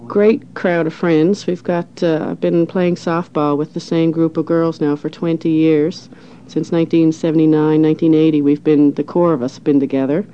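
A middle-aged woman from St. John's, Newfoundland, with a townie accent, talking in a relaxed, easygoing way in a recorded interview with frequent pauses. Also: sits low, clear, resonant tone. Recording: dull lo-fi recording.

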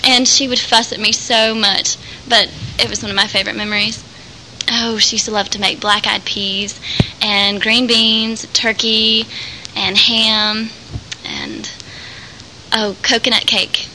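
A young woman around twenty from Alabama with a faint Southern accent and a clear, trained voice, chatting lightly about her life. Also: mid-range voice, sharp tone, slight background noise, rough recording. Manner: chatty, light, laughs easily. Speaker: theater student. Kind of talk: casual personal talk.

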